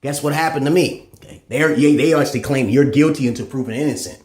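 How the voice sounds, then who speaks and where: A man delivering a profane, rambling monologue as a channel host, swinging between loud high bursts and low mutters. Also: quick pace. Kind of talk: ranting monologue. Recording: echoey room.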